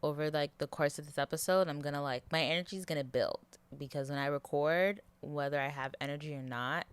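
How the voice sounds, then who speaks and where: A woman's voice: low voice, clear, resonant tone, no echo. A tired young woman hosting her solo podcast from her bed, rambling and laughing, holding the mic close to her mouth. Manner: chatty, rambling, laughs often. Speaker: podcast host. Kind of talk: casual solo podcast chat. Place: in bed at home. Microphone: handheld mic held close to mouth.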